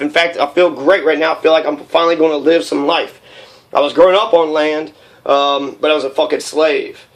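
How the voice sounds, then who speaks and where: Heated, profane man in his thirties. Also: on the high side. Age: 30s. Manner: profane, rambling and heated, with many fillers. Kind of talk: raw personal monologue.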